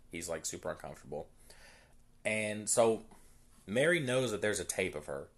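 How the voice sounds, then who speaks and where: A young man hosting a podcast, retelling a movie plot in a rambling, casual way full of fillers and quoted asides. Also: sits low. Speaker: podcast host.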